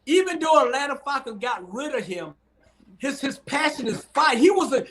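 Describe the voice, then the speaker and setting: A man's voice: extremely high pitch, animated, normal speed, fairly bright tone. A man co-hosting a sports talk show on a video call, arguing emphatically and repeating his points. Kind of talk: heated sports debate.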